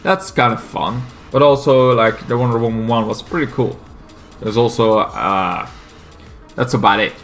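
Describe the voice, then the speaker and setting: A man's voice: medium pitch, faint music behind. A man from Belgium with a Flemish Dutch accent and Flemish Dutch as his first language. He gives casual, rambling commentary on comics, swearing freely and stumbling over fillers. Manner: profane, excitable, halting with many fillers.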